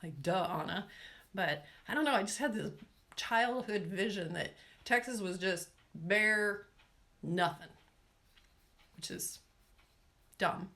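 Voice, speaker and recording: With a medium-pitched, fairly bright voice, she speaks expressively and slowly, leaving long pauses. She's a Washington state woman chatting casually on a nail-care livestream, rambling, often saying "y'all," and calling out viewers' names and questions.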